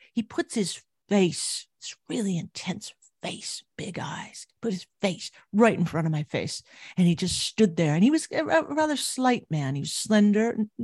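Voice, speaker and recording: A middle-aged woman recounting memories as an interview guest, telling her story vividly and growing animated at its high points. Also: dry recording, clean studio sound.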